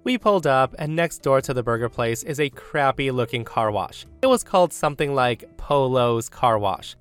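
A man of middle pitch reads online stories aloud and talks casually to his listeners, addressing them directly. Soft music plays faintly under his voice. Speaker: story narrator.

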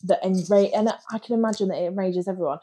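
Husky woman laughing through stories. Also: medium pitch, fast talker. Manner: laughs often, animated storytelling. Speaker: podcast co-host. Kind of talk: casual chat.

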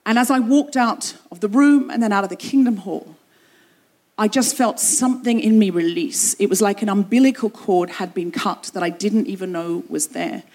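Brief: woman host, live comic storytelling, animated and self-mocking, mid-pitched voice. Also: normal speed. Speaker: podcast host. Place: open-air theatre stage.

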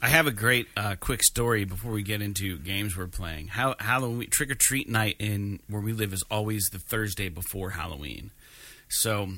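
A man's voice: fairly low pitch, moderate pace, no echo. A man hosting a podcast, telling a rambling story in casual chat with lots of fillers. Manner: animated, rambling with many fillers. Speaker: podcast host.

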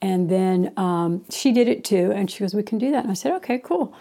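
A woman's voice: mid-range voice, brisk, gravelly, warm tone. A middle-aged woman telling a rambling personal story in a casual way, acting out quoted lines as she goes. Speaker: interviewee.

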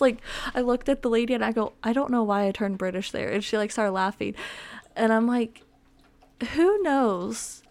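A young woman hosting a podcast from home, chatting casually in a rambling, filler-heavy, self-mocking way. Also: mid-range voice. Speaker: podcast host. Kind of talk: casual solo chat. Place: home with dogs around.

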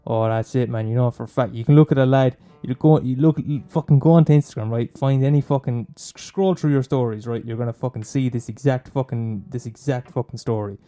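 A man's voice: medium pitch, brisk, hardly any pauses, warm tone, faint music behind. A young man doing a profane, mocking comic rant, rambling and swearing constantly. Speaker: comedian.

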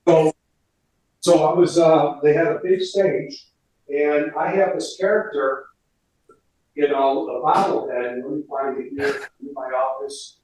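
A man guesting on a video call, telling animated anecdotes and acting out the people he quotes. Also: fairly high pitch, a little slow, echoey room, a little hiss or hum, poor audio. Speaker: interview guest. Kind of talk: casual storytelling.

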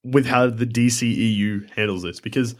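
A man's voice: medium pitch, normal speed. A man chatting casually about a film with friends, cutting in with dry remarks and crude swearing. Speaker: podcast co-host. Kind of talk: casual film review chat.

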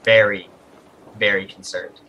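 A man's voice: fairly low pitch, flat delivery, unhurried, lo-fi sound. A man narrating a tabletop game as game master in a loose, casual way.

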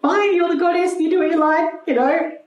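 A woman voicing an exasperated male god who gives in to his wife, in a mockingly high, resigned tone. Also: fairly even intonation, a little fast, highs cut off. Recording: roomy, distant mic, faint hum.

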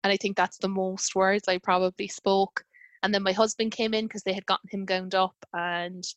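A woman's voice: mid-range voice, level tone, normal speed, no room sound. A woman in her thirties telling a personal story in casual conversation, with lots of fillers and quoted dialogue.

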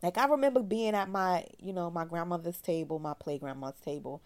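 A woman therapist telling a personal story candidly in a loose, slangy, animated way. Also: on the low side, fairly quick. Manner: animated, slangy, acts out quoted voices.

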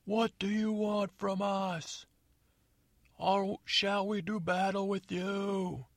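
A haughty young prince declaims slowly and pompously in a raised, high voice, as a man acts him out in a bedtime story. A gravelly texture sits under the high tone, and the sound is dry and close. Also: little pitch movement, no echo. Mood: commanding.

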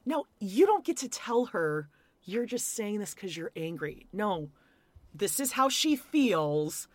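A woman's voice: mid-range voice, very animated, slow pace, no echo. A woman co-hosting a casual podcast, recapping a reality show bluntly, swearing and acting out quotes. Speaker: podcast co-host.

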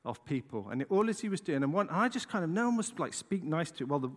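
A middle-aged English man preaches in a lively storytelling way, checking in with the listeners as he goes. His voice sits a bit high for a man and rises and falls widely. A long reverb trails his words through the church hall. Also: fast talker. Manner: animated, dramatic storytelling with frequent "right?" asides. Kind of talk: storytelling sermon.

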